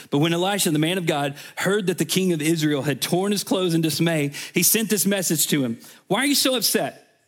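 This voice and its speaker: A man preaching a sermon as a guest speaker, in a casual, chatty way with offhand asides. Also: medium pitch. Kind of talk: conversational sermon.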